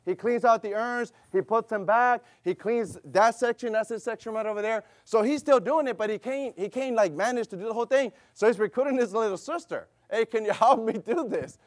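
A middle-aged male pastor with a strikingly high voice delivers a sermon in a fervent, repetitive cadence, piling up rhetorical questions. The sound is dry and close, with no room around it. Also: a little fast, hardly any pauses, no echo. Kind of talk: sermon with personal story.

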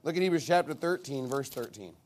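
A male pastor preaching a sermon in an animated, emphatic way, with sarcastic asides. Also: medium pitch, brisk.

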